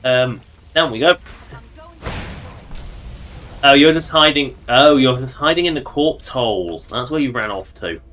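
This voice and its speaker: A man's voice: medium pitch, a little slow, pauses often, a bit bright. A man giving casual, joking commentary while livestreaming a game and talking to its characters. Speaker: streamer.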